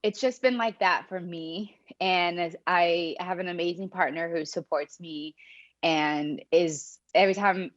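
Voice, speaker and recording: Brief: young woman guest, lowish voice, reflective, laughs often, dull lo-fi sound. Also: measured pace. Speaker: podcast guest. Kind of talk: casual interview talk.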